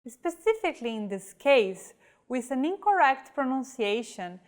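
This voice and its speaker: A woman with a slightly high voice gives a scripted pronunciation lesson. She speaks slowly and carefully, pausing over each example word as if spelling it out for a beginner. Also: very animated. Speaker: language teacher.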